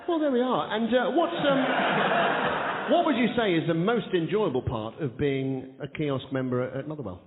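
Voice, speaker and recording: A southern English man with a slightly high, expressive voice runs a live comedy chat show, joking with the audience in a playful, pun-heavy rapid-fire style and shouting to the crowd. The sound is an echoey hall captured on tinny, noisy radio.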